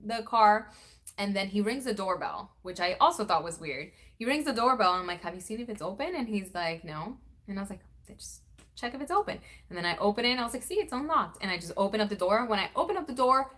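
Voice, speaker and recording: A young woman vlogger chatting casually, acting out quoted lines with big jumps in pitch. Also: bright, forceful tone. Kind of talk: casual storytelling chat.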